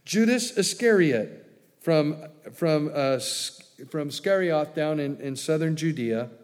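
A pastor preaching a sermon in a conversational way, with joking asides and acted quotes. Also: male voice, fairly high pitch, animated, takes it slowly, darkish tone, big-room sound.

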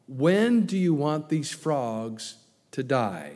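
A man's voice: a little high, big pitch swings, slow, a little mellow. A man preaching a sermon as a pastor, emphatic, with many rhetorical questions. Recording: long hall reverb.

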